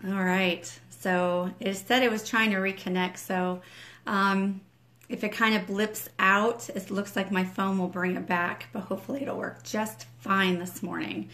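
A woman's voice: mid-range voice, steady tone, unhurried. A woman leading an early-morning prayer livestream from home on her phone, chatty with viewers and fervent in prayer, her voice cracking slightly. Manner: talking quietly at first. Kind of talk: casual livestream greetings and spoken prayer.

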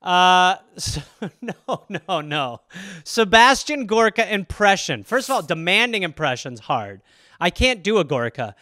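A man hosting a podcast, riffing casually and profanely, rambling through stories and dropping into quick impressions. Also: sits high, very animated, bright, forceful tone, dry recording, studio quality. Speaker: podcast host. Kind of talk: casual solo comedic riffing.

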